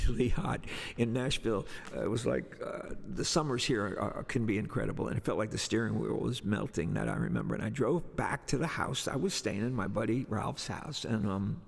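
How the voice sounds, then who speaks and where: A man, a singer-songwriter, telling a rambling, animated story on a livestream. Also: medium pitch, creaky, husky, long reverb tail.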